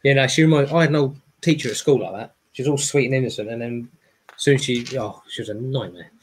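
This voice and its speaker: A man's voice: medium pitch, quick pace, slight background noise. A man co-hosting a livestream, chatting casually and laughing a lot as he builds. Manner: laughs a lot, loose and jokey. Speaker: livestream co-host. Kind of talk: casual chat during a toy build.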